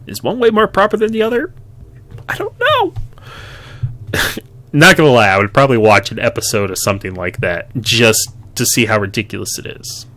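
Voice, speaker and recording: A man's voice: mid-range voice, expressive, brisk, bright, forceful tone. A man chatting wryly while reading through a dating game, with frequent asides. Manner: chatty, wry asides, laughs often. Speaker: gaming YouTuber. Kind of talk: let's-play commentary and reading.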